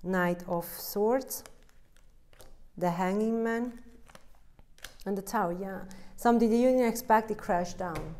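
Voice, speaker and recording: Speaking slowly with long pauses, a tarot card reader with an Italian accent delivers a direct-to-camera reading in a warm, medium-pitched voice. Her English is broken, her manner blunt and emphatic, and she acts out the listener's inner voice.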